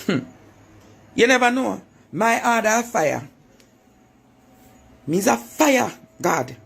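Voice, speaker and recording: A woman's voice: fairly high pitch, very animated, slow pace, vocal fry, breathy edge. A Jamaican woman in a taunting, preacher-like monologue, repeating her phrases for effect. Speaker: vlogger. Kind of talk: confrontational monologue.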